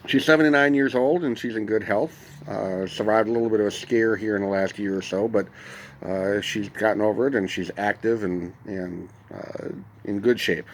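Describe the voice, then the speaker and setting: A middle-aged man hosting a podcast, telling a personal story in a casual, meandering way with frequent pauses. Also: on the low side. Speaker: podcast host.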